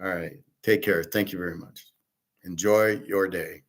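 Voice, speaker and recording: A deep-voiced man hosts his own sports betting picks show, ranting off the cuff at a measured pace with fairly even intonation. Exasperated and heavily profane, he often stumbles over and repeats words when he gets worked up.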